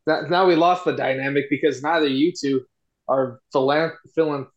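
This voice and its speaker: A man co-hosting a sports podcast, teasing his friends loudly and swearing in casual banter. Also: mid-range voice, moderate pace, highs cut off. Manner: loud, teasing, profane. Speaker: podcast co-host.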